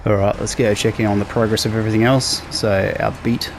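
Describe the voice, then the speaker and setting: Aussie guy chatting through his farming game, lowish voice, bit of game noise underneath. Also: fairly quick, gravelly. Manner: relaxed, talks through each task as he plays. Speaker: gaming channel host. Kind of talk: casual let's play commentary.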